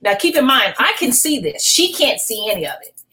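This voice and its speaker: A middle-aged woman pastor, a podcast guest, telling a personal testimony in an animated, emotional way, often restarting her sentences. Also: fairly high pitch, fairly quick, poor audio.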